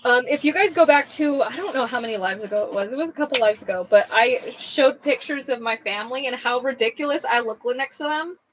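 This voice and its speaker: A woman's voice: on the high side, fairly quick, hardly any pauses, muffled recording. A young woman hosting a craft livestream, chatting casually and rambling with lots of fillers as she reads comments. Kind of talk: casual chat reading live comments.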